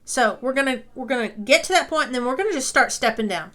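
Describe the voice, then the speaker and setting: A woman's voice: high-pitched, animated, quick pace, fairly bright tone. A woman teaching a music lesson, talking patiently and reassuringly, often checking in with "okay?", and sometimes singing along.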